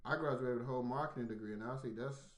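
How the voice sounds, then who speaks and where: A man co-hosting a podcast, easygoing, with relaxed vernacular phrasing. His voice has a roomy sound. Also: mid-range voice, racing. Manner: laid-back, short affirmations and vernacular. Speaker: podcast co-host. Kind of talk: casual chat.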